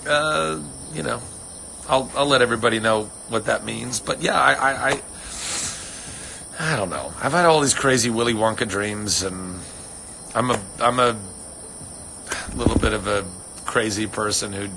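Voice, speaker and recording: Bright-voiced man rambling on a livestream. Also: medium pitch, creaky, a little hiss or hum. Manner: rambling, earnest, swears freely. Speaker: livestream host answering fans. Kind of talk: casual livestream chat. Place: home on a ranch.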